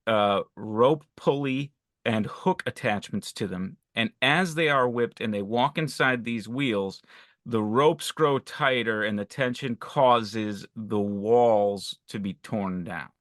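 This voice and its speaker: A man's voice: mid-range voice, a bit bright, no echo, clean studio sound. A man as a podcast guest, talking eagerly about a film and often repeating words as he goes. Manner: enthusiastic, stammering repetitions. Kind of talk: casual podcast film discussion.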